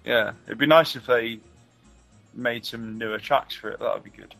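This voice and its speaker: A man's voice: mid-range voice, fairly even intonation, normal speed, creaky, fairly bright tone, soft background music. A man co-hosting a casual podcast, chatty and teasing, with lots of fillers. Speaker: podcast co-host.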